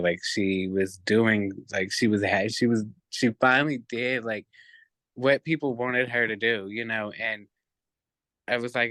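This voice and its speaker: A man guest on a podcast, telling a personal story in an animated way, with many fillers and lots of reported speech. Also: fairly low pitch, measured pace, no room sound.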